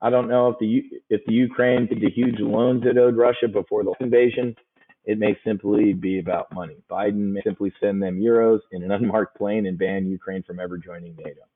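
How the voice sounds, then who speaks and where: A man's voice: lowish voice, steady tone, brisk, narrow, tinny audio. A man giving a casual options trading lesson, folksy and joking, hammering points home with repetition.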